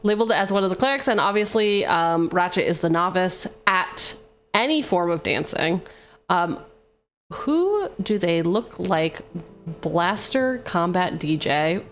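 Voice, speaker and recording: A woman's voice: fairly low pitch, expressive, measured pace. Young woman, streamer host, casual and playful, reading card text, faint background music. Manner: playful and teasing, jumping between card text and banter. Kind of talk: casual live-stream chat while deck building.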